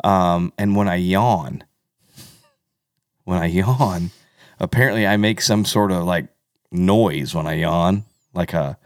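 A man co-hosting a podcast in casual chat, animated and often laughing as he tells stories. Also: low-pitched, slow, long pauses, no echo, studio quality. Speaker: podcast co-host.

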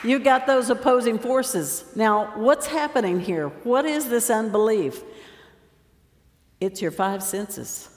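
A woman preacher giving a lively sermon, telling stories and acting out the scenes as she goes. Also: fairly high pitch, slow, a faint crowd. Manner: lively storytelling, acts out scenes. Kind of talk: sermon with stage demonstration. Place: large church hall. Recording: roomy echo, long hall reverb.

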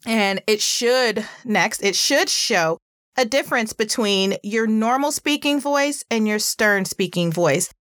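A woman hosting a parenting talk, chatty and earnest, with a pitchy voice and plenty of "like" fillers. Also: expressive, slow, a bit bright, dry recording, studio quality. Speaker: parenting podcast host. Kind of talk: casual advice talk.

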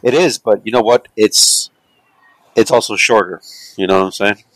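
A man's voice: fairly low pitch, steady tone, moderate pace, a bit bright, dry recording, poor audio. A man chatting casually as a podcast co-host, rambling loosely with lots of fillers and asides. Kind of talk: casual chat.

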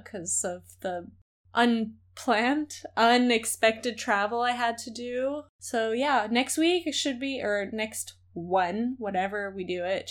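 A woman co-hosting a podcast in easygoing, giggly chat, with an American accent, recorded on a makeshift setup. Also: mid-range voice. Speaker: podcast co-host.

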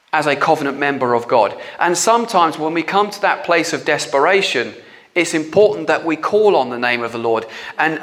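Chatty preacher with a fairly high voice. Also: male voice, a bit bright. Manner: chatty, informal, with filler words. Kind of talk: conversational sermon.

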